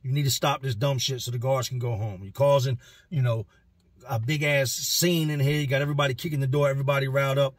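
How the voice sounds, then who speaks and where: An authoritative male prison shift commander , as a storyteller puts him on, lectures an inmate with impatience and tells him to calm down. The voice is husky and dry. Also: mid-range voice, quick pace, no echo, close to an everyday voice. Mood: impatient.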